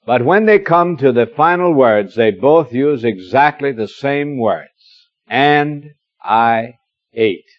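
A middle-aged man preaching an expository sermon, reading scripture slowly and explaining it with gentle humor. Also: mid-range voice, animated, no echo. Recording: dull lo-fi dry recording.

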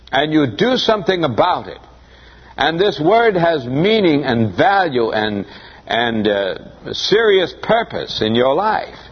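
A man's voice: fairly high pitch, breathy edge. A man preaching an expository sermon, reading scripture aloud and explaining it, with emphatic rises on the quoted verses. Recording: muffled dull recording.

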